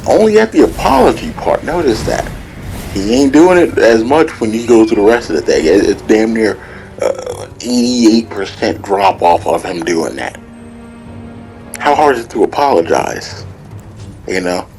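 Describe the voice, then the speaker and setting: Deep-voiced man ranting. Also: big pitch swings, unhurried, a little mellow, faint music behind, poor audio. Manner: profane, heated, laughing often. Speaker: channel host. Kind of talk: casual solo rant.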